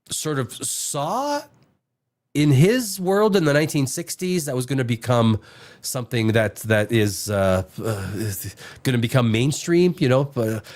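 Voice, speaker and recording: A man hosting a casual chat, rambling and cursing with many restarts. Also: medium pitch. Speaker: host.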